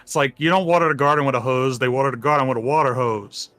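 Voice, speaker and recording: A man's voice: medium pitch, fairly even intonation, fast, a bit bright. A man running a tabletop game as game master, chatting casually with many fillers and frequent laughs.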